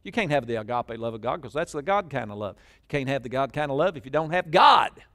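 A middle-aged man, preaching a sermon, jumping between loud shouted lines and quiet asides, and calling on the congregation to repeat phrases. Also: mid-range voice, expressive, a little fast. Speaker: pastor. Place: church.

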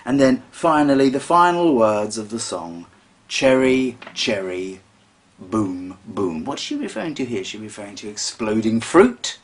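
A man's voice: mid-range voice, sing-song, moderate pace, few pauses. A man giving a mock-serious poetry reading in a dry, sarcastic, mock-scholarly way. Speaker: comic poetry reader.

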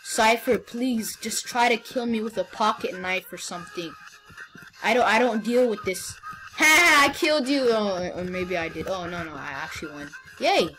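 A young woman with a mid-range voice gives casual gameplay commentary at a normal speed, faint music playing behind her on a rough recording. She's playful and teasing, often tripping over her words and restarting.

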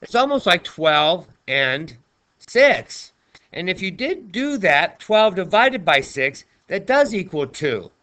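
A man's voice: high-pitched, very animated, takes it slowly, bright, forceful tone. A male math teacher talking through a screen-recorded lesson in a chatty, playful way, chatting to himself as he writes.

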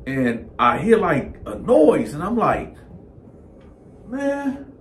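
A man with a high-pitched voice tells a story in a casual, animated way. He acts out each character as he goes and keeps dropping a filler word at the ends of his lines. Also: slow, slight background noise. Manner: animated, acts out all parts, repetitive filler 'man'. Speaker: storyteller, channel host.

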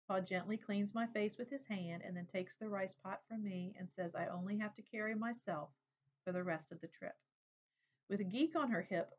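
Woman reading a memoir aloud. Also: medium pitch. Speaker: reader. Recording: dull lo-fi recording.

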